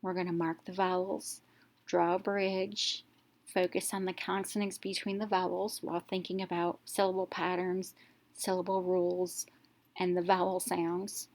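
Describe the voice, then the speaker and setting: Slow, clear woman teaching reading. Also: fairly low pitch, flat delivery, darkish tone. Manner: slow, clear, step-by-step explaining, sounding out letters. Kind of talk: scripted narration of a reading lesson.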